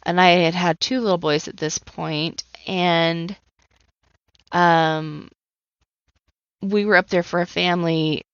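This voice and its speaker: A woman in her thirties, a trauma coach, shares her own story on her podcast in an earnest, emotionally open personal testimony. Her fairly low, resonant voice is clear and steady, moving slowly with frequent pauses. The dry recording sounds slightly muffled and has no room sound.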